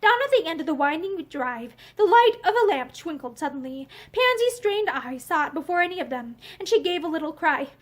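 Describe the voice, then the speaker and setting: Lady reading an old novel out loud, expressive, higher voice. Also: brisk, hardly any pauses. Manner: expressive, acts out the dialogue. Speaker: audiobook reader. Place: indoor room with bookshelves.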